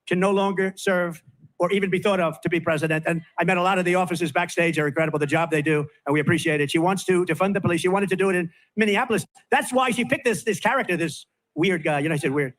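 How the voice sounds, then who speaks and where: Rambling through a rally speech on stage, an older political candidate keeps circling back with repetitive, improvised asides. His voice is high and a little bright, and he talks quickly.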